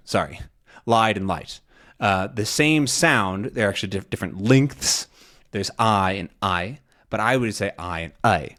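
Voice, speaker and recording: A young man teaching a casual lesson, talking in a relaxed, rambling way, often correcting himself and acting out sounds. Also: fairly low pitch. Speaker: language teacher.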